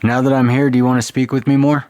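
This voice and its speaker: A man's voice: medium pitch, little pitch movement, quick pace, a little mellow, lo-fi sound. A man exploring an abandoned ghost town, speaking aloud to spirits in a casual, questioning way with some swearing. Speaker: paranormal investigator. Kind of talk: ghost hunting vlog. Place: abandoned ghost town, outdoors and in old houses.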